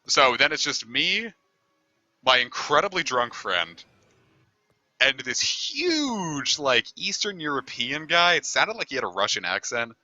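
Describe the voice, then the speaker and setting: A man's voice: mid-range voice, sing-song, unhurried, bright, forceful tone, dry recording, highs cut off. A man streaming a game, telling a long story in a rambling, easygoing way and swearing casually. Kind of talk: casual storytelling over gameplay.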